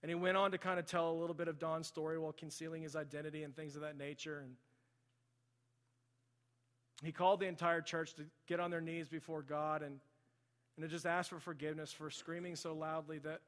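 A man's voice: a little high, level tone, brisk, fairly bright tone, long reverb tail. A man preaching a sermon in a church, telling a story and building to impassioned emphasis. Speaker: pastor. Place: church sanctuary.

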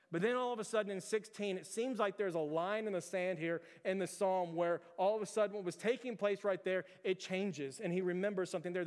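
A pastor preaching a sermon in an earnest, repetitive way, with restarts. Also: male voice, sits high. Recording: long hall reverb.

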